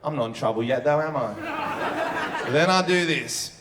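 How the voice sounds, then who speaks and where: A man's voice: fairly high pitch, moderate pace, noisy background. A man doing a brash, profane stand-up comedy set on a club stage. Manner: brash, profane, punchy delivery. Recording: live show with loud crowd laughter.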